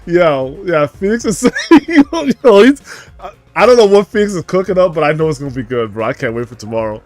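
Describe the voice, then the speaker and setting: A young man commentating a game playthrough in a casual, animated, profane, laughing way. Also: a little high, fairly quick. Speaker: streamer.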